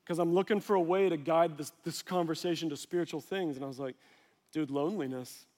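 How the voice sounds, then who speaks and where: A man's voice: on the high side, fast talker, a little mellow, long reverb tail. A man in his forties, a pastor, preaching a sermon in a conversational storytelling way and acting out dialogue.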